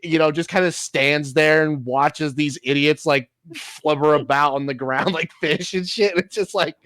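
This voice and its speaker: A man's voice: on the high side, normal speed, fairly bright tone, no room sound. Laid-back man on a dry mic. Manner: laid-back, chuckling, profane. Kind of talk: casual podcast chat.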